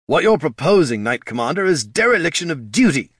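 A man's voice: a little high, big pitch swings, a little fast, a bit bright, no room sound, studio quality, pitched above the performer's own voice. A man voicing a stern, sly male army captain who speaks in a firm, growling way, in a fantasy audiobook.

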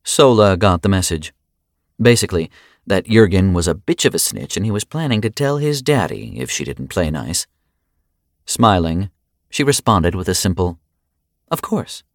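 A man narrating an audiobook in an expressive, wry way. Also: sits low, moderate pace, dry recording, studio quality.

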